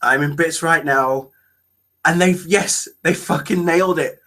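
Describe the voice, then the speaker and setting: A young man reacting to a trailer, gushing and close to tears, breaking off into exclamations and halting restarts. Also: fairly high pitch, sharp tone. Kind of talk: emotional reaction video.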